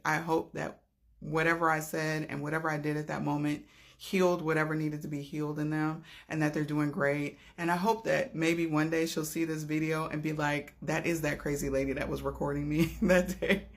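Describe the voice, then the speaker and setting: Earnest woman with a gravelly low voice. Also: steady tone, moderate pace. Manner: earnest, heartfelt, swings between loud and hushed. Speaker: storyteller recounting an encounter. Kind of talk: emotional personal storytelling.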